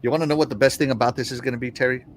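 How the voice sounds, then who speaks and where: A man hosting a podcast in casual chat, animated, laughing often and shouting out viewers. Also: medium pitch, rapid-fire, slight background noise. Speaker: podcast host.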